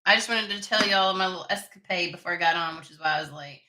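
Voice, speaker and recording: Casting: woman host, bright tense voice, irritated cursing chat at home. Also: fairly low pitch, fast talker. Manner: profane, irritated, rambling. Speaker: tarot reader channel host. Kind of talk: casual chat to camera. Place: home room with desk and window. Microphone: camera mic.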